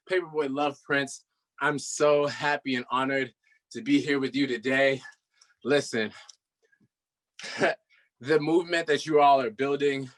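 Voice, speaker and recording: A man, a rapper and political organizer, speaking earnestly to an online audience in quick bursts with fillers. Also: mid-range voice, fairly bright tone. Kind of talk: casual speech to a virtual audience.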